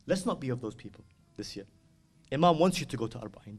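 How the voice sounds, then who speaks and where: A man giving an impassioned sermon at a mourning gathering in a community hall. He urges and pleads like a storyteller, then moves into loud chanted elegy. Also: mid-range voice, animated, fast talker, slight background noise.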